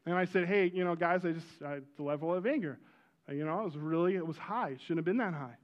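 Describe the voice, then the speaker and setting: Animated middle-aged man preaching a sermon. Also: a little high, fast talker, highs cut off. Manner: animated storytelling, bursts of loud exclamation. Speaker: pastor. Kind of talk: sermon with personal stories.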